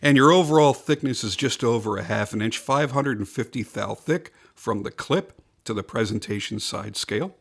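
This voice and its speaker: A man's voice: medium pitch, moderate pace, vocal fry, few pauses, husky. A man reviewing a pocket knife in a casual, enthusiastic way, stressing and repeating his points.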